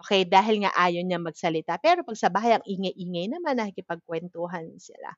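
A woman's voice: lowish voice, quick pace, no echo, lo-fi sound. A woman with a Filipino accent gives an explanatory lecture on childhood anxiety. She switches between Tagalog and English and often checks in with "okay?".

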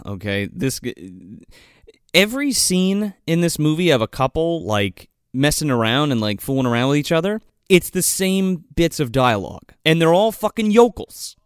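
A man's voice: mid-range voice, clean tone, no echo, clean studio sound. A man chatting casually about a movie he watched, swearing a lot and acting out the characters' lines. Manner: animated, profane, acts out characters' lines. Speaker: podcast co-host. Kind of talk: casual movie review chat.

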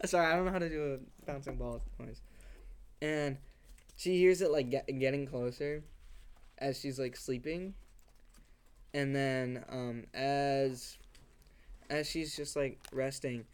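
A young male podcast co-host tells a story in casual, rambling chat, full of fillers and restarts, and he acts out sounds and voices. His medium-pitched voice is steady, clear and resonant, moving slowly with frequent pauses.

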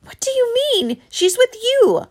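A woman doing a shrill, furious mother. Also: very animated, slow pace, full character voice. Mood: frantic. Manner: shouting, shrill. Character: furious, frantic mother at her wits' end.

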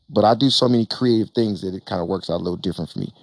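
A man who invests in real estate gives an emphatic, animated talk to an audience on a panel, repeating phrases and acting out bits of dialogue. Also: lowish voice, rapid-fire, vocal fry, no echo. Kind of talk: motivational stage talk to an audience.

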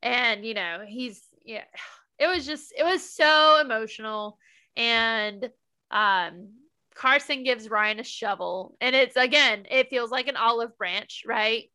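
Bright-voiced woman gushing through a recap. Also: a little high, slow pace, clear, resonant tone. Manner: emotional, gushing recap with laughs and quoted lines. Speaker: podcast co-host recapping a TV episode. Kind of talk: casual chat.

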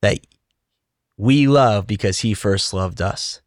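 Low-voiced man hosting a faith talk. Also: takes it slowly, no room sound, studio quality. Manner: reflective, sermon-like. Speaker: podcast host. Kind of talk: faith podcast interview.

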